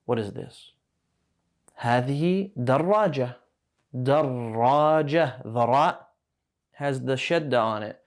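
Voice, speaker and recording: Casual male Arabic teacher. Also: medium pitch. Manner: casual, explains step by step and quizzes the listener, self-corrects. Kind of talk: relaxed spoken lesson.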